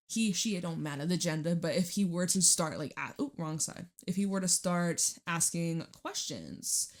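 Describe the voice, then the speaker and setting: Young female tarot reader, casual chat, rambly and profane, laughs a lot. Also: medium pitch. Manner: chatty, rambling, laughs and swears freely.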